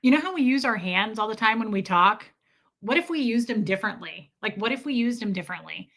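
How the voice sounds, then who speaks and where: A woman's voice: fairly high pitch, lively intonation, fairly quick, fairly bright tone. A woman chatting casually with viewers on a live stream, laughing often and greeting people by name.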